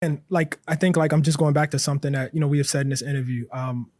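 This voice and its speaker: A man being interviewed, speaking earnestly and growing animated, with frequent "like" and "you know" fillers. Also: a little high, fast, dry recording, clean studio sound. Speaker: interview guest, writer. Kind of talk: impassioned interview talk.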